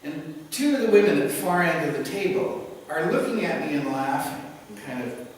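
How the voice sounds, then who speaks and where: A man's voice: on the high side, normal speed, slight background noise. A man giving a live lecture, telling stories in a loose, digressive way with many fillers. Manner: animated, digressive storytelling with many "you know" fillers. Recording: echoey hall, speaker far from mic.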